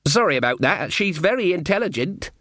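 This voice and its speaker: A man's voice: sits high, very animated, brisk, sharp tone, no echo, studio quality, voice pushed up, full character voice. A man voicing an old falconer who rambles proudly about his birds, in a comic fantasy audiobook. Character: doting old falconer, oblivious.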